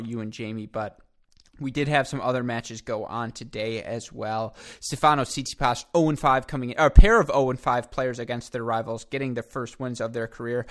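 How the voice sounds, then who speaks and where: A man hosting a tennis podcast, chatting casually and reeling off scores and head-to-head stats. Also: medium pitch. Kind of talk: casual sports chat with stats.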